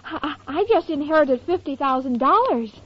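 Ditzy high-voiced Irma. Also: female voice, expressive, normal speed. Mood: naive. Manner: naive, literal-minded, breathy delivery. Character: scatterbrained sweet young woman, Irma. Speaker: comic lead. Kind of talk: 1940s radio acting. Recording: lo-fi noisy old radio recording.

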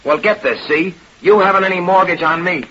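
An actor playing a brash young vaudeville dancer who talks in slangy, ungrammatical street speech, in 1930s radio-drama style. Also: male voice, high voice, a little fast, sharp tone. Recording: dull, hissy old radio transcription.

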